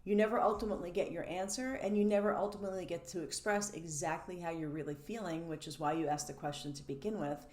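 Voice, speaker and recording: Animated woman coaching in a roomy space. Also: fairly low pitch. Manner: animated, laughs between points, acts out quoted questions. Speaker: codependency coach. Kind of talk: teaching monologue. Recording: roomy echo.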